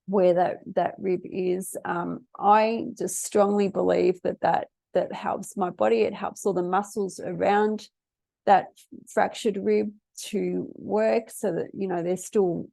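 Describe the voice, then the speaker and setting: A middle-aged woman speaks slowly in a low, dark voice with a gravelly edge. She talks casually to her viewers about wellness, unhurried and often repeating words as she restarts. The recording is dry and close. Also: no room sound. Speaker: wellness vlogger. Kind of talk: casual talk to camera.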